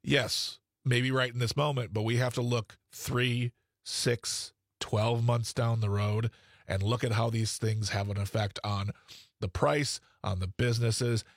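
A man's voice: mid-range voice, steady tone, a little slow, no room sound. Male radio co-host, chatty, mid-range voice, dry studio sound. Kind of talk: radio interview.

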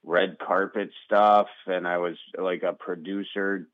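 A man with a Wisconsin accent, a comedian chatting as a guest in an interview, relaxed and rambling with lots of ums. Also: sits low, a little slow, dry recording, narrow, tinny audio. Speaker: guest, comedian and video maker. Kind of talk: casual interview chat.

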